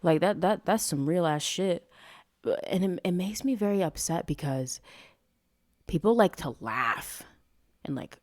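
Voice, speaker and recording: A young woman talks solo on her podcast in a rambling, swear-filled way, constantly losing her thread. Her voice sits a little low but swings widely and expressively. The sound is dry and close, with no room around it. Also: lively intonation, a little slow, no echo. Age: young adult. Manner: rambling, profane, easily sidetracked. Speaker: podcast host. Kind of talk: casual solo podcast chat. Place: at home, street traffic nearby.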